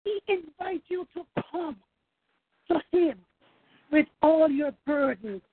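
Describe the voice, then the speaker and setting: A woman's voice: high voice, slow pace, no echo. Lady pastor preaching hard, tinny phone sound. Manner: fervent, repeats phrases, calls out praise. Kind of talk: sermon over a phone line.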